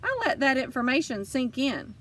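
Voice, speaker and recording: A woman narrating a children's audiobook in first person, lively and expressive. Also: high-pitched, moderate pace, recorded from a distance. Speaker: audiobook reader.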